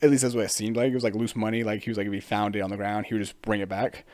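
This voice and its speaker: A man's voice: on the low side, flat delivery, very fast, a little mellow, no room sound. A man hosting a casual solo podcast, rambling, swearing freely and laughing often. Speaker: podcast host.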